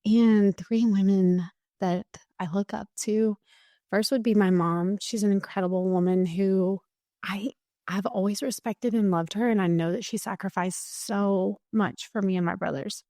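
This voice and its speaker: A woman's voice: medium pitch, fairly even intonation, unhurried, dark tone, dry recording, studio quality. A woman speaking as a podcast guest in a candid, heartfelt conversation. She is earnest and emotional and fills her speech with "like.". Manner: earnest and emotional, with many "like" fillers.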